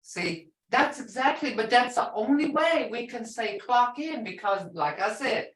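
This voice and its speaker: A woman's voice: on the high side, lively intonation, a little slow. A woman language teacher in a classroom lesson, explaining words patiently and repeating phrases. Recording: echoey room, voice from far off.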